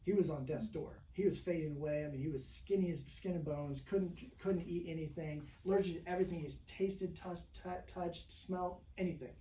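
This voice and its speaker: A fairly high, mellow male voice moving quickly with few pauses. He's a chiropractor rambling through patient stories in a casual interview, peppering them with "you know" and "right?". The room echoes, the mic sits at a distance, and a faint hum runs underneath.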